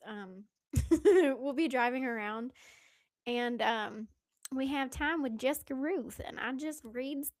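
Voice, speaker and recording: A woman's voice: a little high, no room sound, studio quality. A young woman with a Southern American accent chatting casually on a live stream, giggly and chatty, often dropping into whispered asides. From Southern United States.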